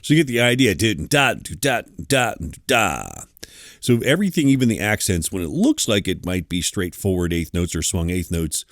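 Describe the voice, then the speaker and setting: A man's voice: low voice, darkish tone, no echo, studio quality. A man teaching an online music theory lesson, explaining rhythms and scatting them aloud.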